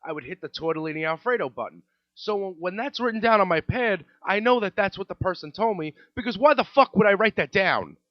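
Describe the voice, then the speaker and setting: A man in his thirties tells a profane, exasperated comedic story as a podcast host. His delivery swoops widely and sits slightly high. The recording is dry and dull, like a lo-fi home setup. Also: no echo.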